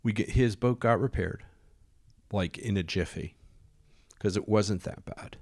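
Low-voiced, profane male storyteller. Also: measured pace, gravelly, no room sound, studio quality. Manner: profane, animated, vivid storytelling. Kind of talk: casual anecdote.

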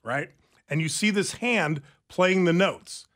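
A man co-hosting a radio talk show, telling stories in an animated, chatty way. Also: high voice, slow pace. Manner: chatty storyteller, animated retelling. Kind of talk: casual chat.

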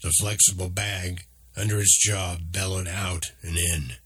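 A man reads a storybook aloud in a very low, husky voice, taking his time over each line. The narration is steady and even. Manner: slow, steady, deep reading.

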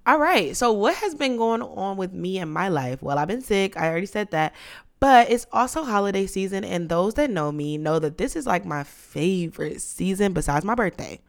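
A young woman hosting a podcast in casual chat, playful and dramatic, her voice lowered and rough from being sick. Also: animated, normal speed. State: sick, voice deeper than usual. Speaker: podcast host.

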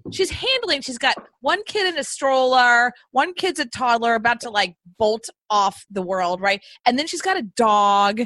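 A woman's voice: mid-range voice, fairly bright tone, dry recording. A woman podcast host chatting with a guest in a bubbly, enthusiastic, rambling way. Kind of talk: casual interview chat. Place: Austin.

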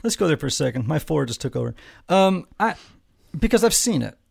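A man hosting a casual conversation, joking and expressive as he asks questions. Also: on the high side, a little fast, vocal fry, husky, dry recording, clean studio sound.

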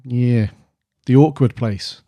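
Podcast host guy, jokey, slangy, mid-pitched, dry close sound. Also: takes it slowly, mellow, no room sound. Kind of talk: casual podcast chat.

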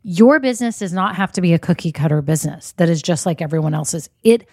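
A woman's voice: fairly low pitch, quick pace, a little mellow, dry recording, studio quality. A woman, hosting a podcast in an upbeat, chatty, encouraging way. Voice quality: slightly scratchy voice. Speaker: podcast host. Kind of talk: casual podcast chat.

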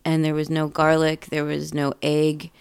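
A woman in casual chat, telling an animated story about a bad takeout order, swearing freely. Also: deep voice, moderate pace, creaky, clear, resonant tone, dry recording. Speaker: podcast co-host; food industry worker.

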